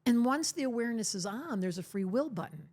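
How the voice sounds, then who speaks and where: Older woman guest on a podcast, emphatic and playful, animated intonation. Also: on the high side, a little fast. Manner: emphatic, teasing, acts out quoted voices. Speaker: astrologer, guest. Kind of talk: podcast interview conversation.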